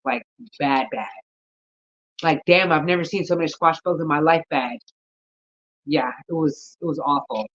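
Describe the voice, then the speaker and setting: A woman's voice: low voice, normal speed, long pauses, a bit bright, highs cut off. A woman chatting casually in a gardening vlog, rambling and talking to herself, tired and yawning. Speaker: gardening vlogger.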